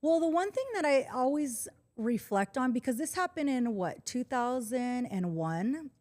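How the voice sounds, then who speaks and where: A woman in her forties, a podcast guest, telling a personal story in casual conversation, calm and earnest. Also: sits high, measured pace. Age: 40s.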